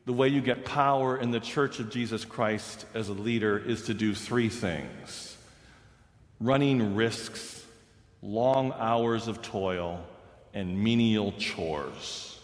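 A preacher puts on a very old, stern church official who speaks in slow, measured, grave phrases. The voice drops low and quiet. It carries the long reverb of a large hall. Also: male voice.

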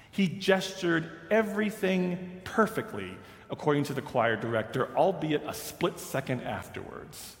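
A male pastor telling a story in a sermon, measured and storytelling, dropping softer for quoted lines. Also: medium pitch. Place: large church sanctuary. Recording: roomy sanctuary with long reverb.

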